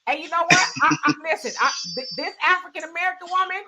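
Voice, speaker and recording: A woman's voice: extremely high pitch, a little fast, few pauses, music in the background. A woman hosting a casual online group chat, blunt and challenging, often cutting in to push back. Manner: blunt, challenging, talks over others. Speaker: host.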